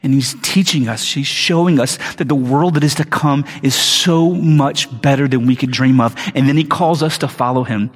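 Husky-voiced preacher in a reverberant hall. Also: male voice, mid-range voice, normal speed, hardly any pauses. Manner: casual slangy storytelling, acts out the people he quotes. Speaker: pastor. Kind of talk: conversational sermon.

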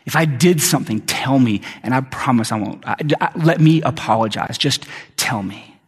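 A man voicing his tearful young wife, who pleads softly and gently. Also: medium pitch, moderate pace, husky, long reverb tail, close to an everyday voice. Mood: pleading. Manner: soft, pleading.

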